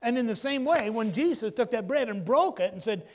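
Older male pastor, high animated voice, emphatic pausing delivery, long hall echo. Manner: emphatic preaching with dramatic pauses. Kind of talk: sermon.

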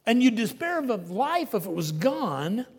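A man preaching a sermon, emphatic, swinging between loud declarations and hushed asides. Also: very high-pitched, big pitch swings, a little slow, breathy edge. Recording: long reverb of a large hall.

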